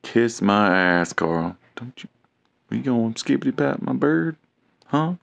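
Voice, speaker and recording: A man's voice: medium pitch, big pitch swings, a little slow, gravelly, fairly bright tone, no room sound. A man filming a casual vlog, teasing and nagging his cat over and over to make it do something. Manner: teasing, nagging, repeats himself.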